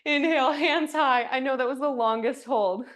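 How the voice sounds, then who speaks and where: Yoga teacher, woman, on the higher side, jokey and chatty between cues, a bit winded. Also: normal speed, a bit bright. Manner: playful, chatty, jokey asides. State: slightly out of breath. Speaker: yoga instructor. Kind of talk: guided yoga class cues. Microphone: clip-on mic, sometimes moved off.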